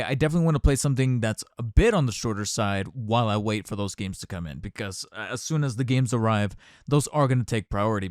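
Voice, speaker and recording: A man hosts his own podcast in a loose, rambling, candid way, often circling back and restarting his thoughts. His voice is smooth and resonant. The recording is close and dry, with no room sound. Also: mid-range voice, a little mellow, no room sound. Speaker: podcast host. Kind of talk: casual solo podcast commentary. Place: home recording setup.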